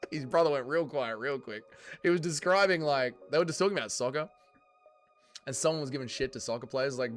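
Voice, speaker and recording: A man's voice: medium pitch, fairly quick, pauses often, a bit bright, faint music behind. A man with an Australian accent hosting a livestream, answering chat comments in sweary, joking banter. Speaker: livestream host reading chat.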